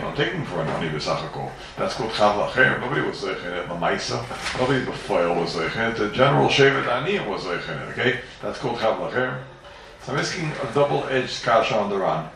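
A man's voice: medium pitch, expressive, quick pace, creaky, noisy background. A man giving an emphatic Talmud lecture full of questions and repeated phrases. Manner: questioning, sing-song and emphatic, with many repeats. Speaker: Talmud teacher. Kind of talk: fast yeshiva-style Talmud lecture. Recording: roomy echo, voice from far off the mic.

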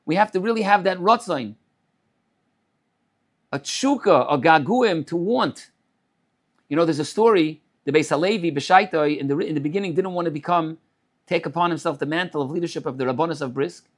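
High-voiced rabbi preaching slowly. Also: male voice, a bit bright. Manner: measured, repeats phrases, weaves in Hebrew terms. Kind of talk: Torah sermon.

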